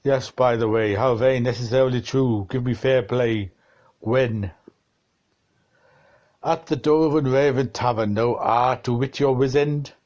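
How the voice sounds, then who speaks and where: Slow man reading aloud, dull recording. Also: mid-range voice, darkish tone. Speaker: reader of a novel.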